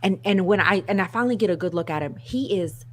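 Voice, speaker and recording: A woman co-hosting a casual chat show, telling a story in an animated, self-mocking way and laughing often. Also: medium pitch, quick pace, slight background noise. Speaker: co-host.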